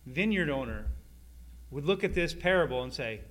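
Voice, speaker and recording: A man's voice: on the high side, animated, normal speed, a bit bright. A man preaching a sermon in a conversational way, asking the listeners questions and acting out quoted speakers. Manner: conversational, asks the audience rhetorical questions; acts out quoted voices in dialogue.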